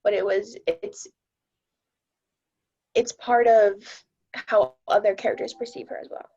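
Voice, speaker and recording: A woman acting student thinking aloud in a class discussion, halting with fillers, over muffled audio. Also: medium pitch, steady tone, mellow, husky.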